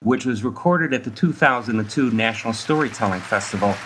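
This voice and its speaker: Guy reading a quick album intro, plain and even, bit of faint hiss behind. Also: medium pitch, rough recording. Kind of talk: recorded spoken introduction.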